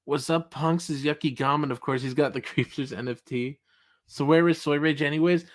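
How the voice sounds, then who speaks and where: A man's voice: steady tone, normal speed. Man, livestream host, casual chat, reads comments, mock-indignant jokes. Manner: jokey, mock-outraged, rising pitch when protesting.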